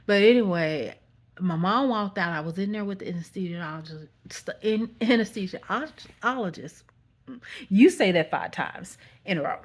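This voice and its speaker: A woman's voice: mid-range voice, moderate pace. Texan woman vlogger, chatty storyteller who wanders and corrects herself, average voice. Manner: rambling, self-correcting, says y'all. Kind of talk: casual storytime.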